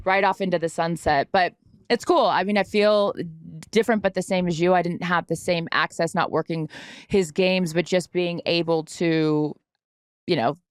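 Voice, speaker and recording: A woman's voice: on the low side, fairly even intonation, normal speed, smooth, no echo, clean studio sound. A woman co-hosting a podcast in casual chat, thinking aloud with restarts and asides. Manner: rambling, restarts and trails off while thinking aloud. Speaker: podcast co-host.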